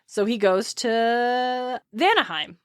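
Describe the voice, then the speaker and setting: Animated woman podcast host. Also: a little high, smooth, dry recording, clean studio sound. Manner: animated, laughing, quick retelling. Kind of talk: casual book discussion.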